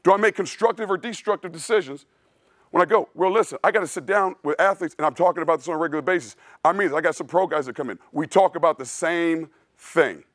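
A man's voice: fairly high pitch, quick pace, a bit bright, no echo, studio quality. A male strength coach giving a blunt, preachy clinic talk in a casual way, often calling listeners "dude". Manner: casual, says "dude" a lot. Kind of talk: clinic presentation.

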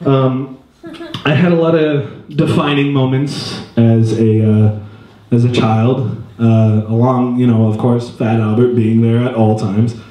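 A man's voice: mid-range voice, little pitch movement, unhurried, mellow. A man in his twenties doing stand-up comedy in a live venue, rambling and self-deprecating, jumping into voices. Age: 20s. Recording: roomy stage sound.

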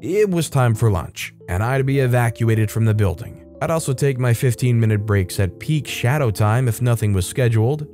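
A man's voice: mid-range voice, warm tone. Easygoing male story narrator. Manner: casual wry asides between readings. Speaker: narrator of online stories. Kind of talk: reading stories aloud with comments.

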